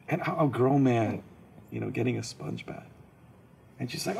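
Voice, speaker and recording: A man's voice: medium pitch, fast, creaky, noisy background. A man, a comedian, telling a story as an interview guest and acting out the scenes. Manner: animated, acts out scenes and voices.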